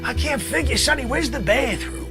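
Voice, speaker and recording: A man voicing a brash, grumbling middle-aged guy from the Bronx, rambling complaints and bursting into shouts. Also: extremely high pitch, moderate pace, gravelly, voice pushed up. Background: music.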